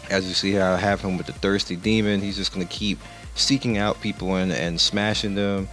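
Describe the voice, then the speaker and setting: A man with a deep, slightly bright voice talks fairly quickly in a flat delivery over soft background music. He's a game reviewer giving laid-back, rambling gameplay commentary, often correcting himself, and he has the hiccups.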